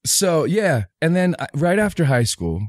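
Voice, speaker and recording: A man's voice: fairly high pitch, moderate pace, no echo, clean studio sound. A man in his forties, a guest comedian, telling stories in a loose, rambling way on a casual podcast. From Utah, USA. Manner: rambling, animated storyteller with many restarts. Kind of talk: casual podcast chat, storytelling.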